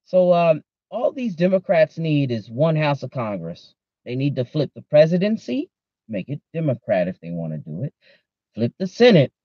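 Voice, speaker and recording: A man's voice: medium pitch, no room sound. A man hosting a podcast, ranting in a casual, profane way and talking straight to his listeners on a dull lo-fi recording. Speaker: podcast host. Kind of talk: casual rant.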